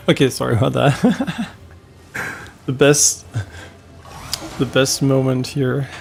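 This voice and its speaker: A young man talks loosely over his gameplay, drifting between thoughts with plenty of fillers and quick laughs. His mid-pitched voice has a gravelly edge, and soft game music sits faintly in the background. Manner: rambling, loose, laughs often, many fillers. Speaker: gaming streamer. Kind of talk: casual chat while streaming gameplay.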